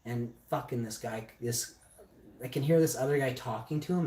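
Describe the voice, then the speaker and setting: A man's voice: mid-range voice, fairly quick, a little mellow. A man telling a personal story in a blunt, heavily profane casual monologue. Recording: echoey room, distant mic.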